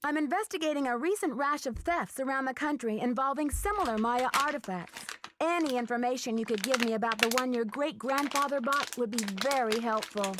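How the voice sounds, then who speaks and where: A woman's voice: sits high, a little fast, few pauses, noisy background, natural voice. An actress voicing a polite, earnest young woman detective in a video game.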